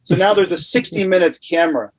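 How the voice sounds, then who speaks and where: Man, from Louisiana, podcast guest, casual storytelling, rambling, slightly high-pitched. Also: fast talker, rough recording. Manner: animated, rambling with many fillers.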